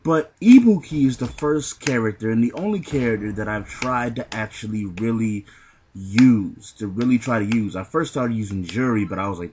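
A man giving live fighting-game commentary, boasting and trash-talking the opponent with heavy profanity, often shouting. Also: on the low side, moderate pace, lo-fi sound, a little hiss or hum. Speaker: gameplay commentator.

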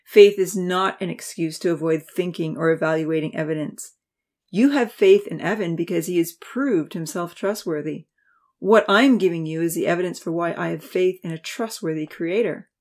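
A woman's voice: fairly low pitch, moderate pace, darkish tone. A woman voicing an earnest, nervous young male student who pleads and explains eagerly. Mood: pleading.

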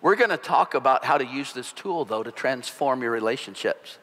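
A male pastor preaching a sermon in a relaxed, conversational, joking storytelling manner. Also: medium pitch, normal speed. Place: church sanctuary. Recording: long hall reverb.

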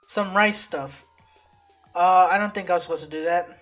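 A woman giving casual gameplay commentary, excitable and swearing as she reacts to setbacks. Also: on the low side, moderate pace, pauses often. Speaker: let's play gamer. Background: game music.

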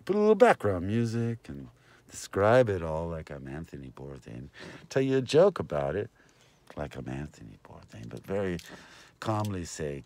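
Slow, lively-pitched rambling man. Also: no room sound. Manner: meandering, talks to viewers and passersby. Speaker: vlogger and host. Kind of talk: rambling casual vlog.

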